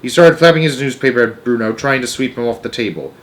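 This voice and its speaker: A male storyteller reading a children's classic aloud. His voice sits at an ordinary middle pitch, and he keeps the narration measured and even. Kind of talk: children's book read aloud.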